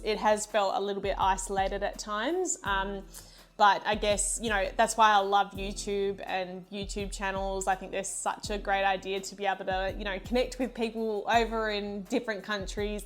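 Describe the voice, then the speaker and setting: Aussie lady chatting about her fish tanks, easygoing, lots of ums and you knows. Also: medium pitch. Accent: Australian. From Western Australia. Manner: chatty, lighthearted, many fillers. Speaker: guest, reef aquarium YouTuber. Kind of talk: casual video-call interview.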